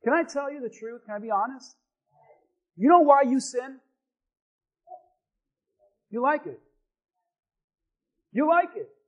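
A male pastor with a strikingly high voice delivers an impassioned sermon. He drops to near-hushed asides, then rises into shouted, repeated refrains. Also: lively intonation, slow, pauses often, lo-fi sound.

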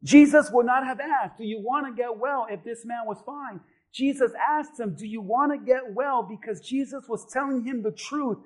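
High-voiced pastor preaching a sermon. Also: male voice, moderate pace, few pauses. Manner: preaching with rising shouted refrains and acted-out voices. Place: church.

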